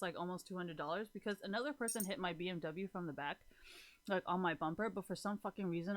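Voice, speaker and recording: A woman's voice: on the low side, a bit bright. Young woman, casual vlog storytelling, rambling, giggly, frequent swearing, filler-heavy chatter. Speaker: vlogger.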